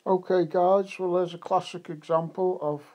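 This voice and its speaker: A man's voice: sits high, fairly even intonation, normal speed, heavy background noise. An English man vlogging at a metal detecting rally outdoors, chatty and jokey, laughing often as he talks to friends. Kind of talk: casual vlog chat. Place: fields outdoors. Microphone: camera mic, wind noise at times.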